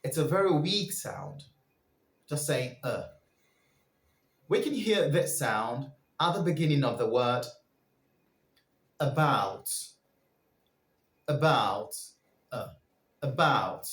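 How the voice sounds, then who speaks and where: Guy teaching vowel sounds real slow, kinda high voice, echoey room. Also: very animated. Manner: drills sounds for listeners to repeat. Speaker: pronunciation teacher. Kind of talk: slow pronunciation lesson.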